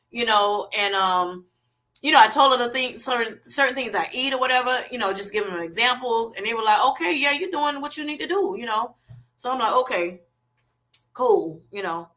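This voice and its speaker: Southern US woman, livestream host, casual chat with viewers; bright tone, easy laughter. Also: fairly high pitch. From Southern United States. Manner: chatty and folksy, laughs often, talks straight to viewers.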